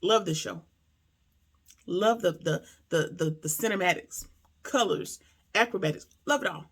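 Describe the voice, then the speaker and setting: Woman recapping a tv episode, lots of slang, gravelly fry in her voice. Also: on the low side, a little slow. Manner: animated, slangy, acts out characters' lines. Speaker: TV episode reviewer. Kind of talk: casual recap and commentary.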